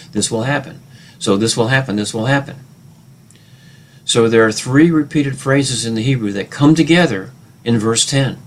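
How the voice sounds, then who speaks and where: A man teaching a Bible lesson in a relaxed, hesitant way, full of fillers and restarts, who reads scripture quotes out louder. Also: lowish voice, slight background noise.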